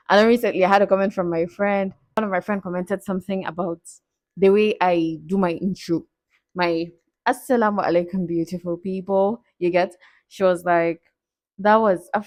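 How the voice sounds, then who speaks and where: A woman's voice: medium pitch, a little mellow, no echo, clean studio sound. A young woman, answering viewer questions in a candid, playful way that breaks into frequent laughs. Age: 20s. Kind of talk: casual Q&A vlog.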